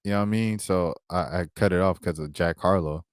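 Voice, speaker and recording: A man giving a casual basketball recap on his vlog, animated and slangy, talking while he pulls up clips. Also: low-pitched, a little fast, no room sound, studio quality. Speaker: basketball commentator and vlogger.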